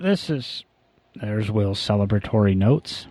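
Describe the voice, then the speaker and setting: A man's voice: medium pitch, moderate pace, over loud music. A man hosting a casual car podcast, talking in a rambling, easygoing way with frequent self-corrections. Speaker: podcast host.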